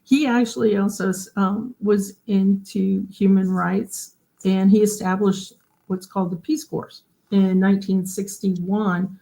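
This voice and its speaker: A woman's voice: mid-range voice, steady tone, a little slow, creaky, dark tone. Chatty woman hosting a livestream. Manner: chatty, explains while showing pages, often asks the audience questions. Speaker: host of a genealogy livestream. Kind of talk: casual livestream presentation.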